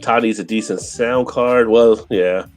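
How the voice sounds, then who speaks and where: A man's voice: on the low side, unhurried, soft background music. A man hosting a casual live stream, chatting loosely, reading out viewer comments and laughing often. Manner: laughs often, relaxed rambling.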